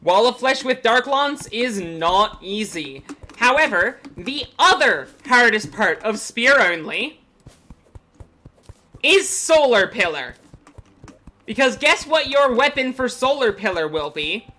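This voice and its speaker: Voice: mid-range voice, sing-song, takes it slowly, sharp tone. A streamer giving live gameplay commentary, chatty and rambling with frequent ums.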